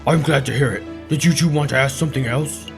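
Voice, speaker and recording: A man's voice: mid-range voice, fast talker, vocal fry, faint music behind, natural voice. A man voicing a creepy, overly courteous aristocratic male bird baron. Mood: polite. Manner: courteous, oily, faux-French address. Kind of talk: let's play character voicing.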